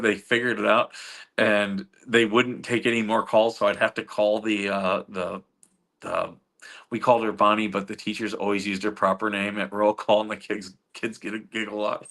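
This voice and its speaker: Chuckling low-voiced male streamer. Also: sharp tone. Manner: rambling, chuckling storyteller, full of fillers. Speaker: livestream host reading chat. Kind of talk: casual livestream chat.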